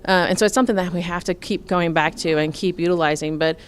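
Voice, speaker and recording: A middle-aged woman from Nebraska answering interview questions about farm finances in a measured, explanatory way, with frequent fillers. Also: fairly low pitch, steady tone, a little hiss or hum. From Nebraska, USA. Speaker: farm finance expert, guest.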